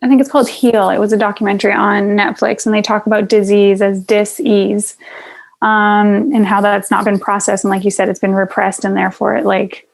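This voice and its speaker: A young woman hosting a podcast, talking reflectively in casual conversation with soft laughs and plenty of fillers. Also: medium pitch, flat delivery, fairly quick, vocal fry, rough recording. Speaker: podcast host.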